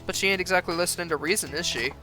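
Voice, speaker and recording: A man's voice: high-pitched, very fast, pushed and bright, soft background music. A man voicing a brash, streetwise yakuza man who talks in a slangy, offhand, cocky way, reading game dialogue aloud.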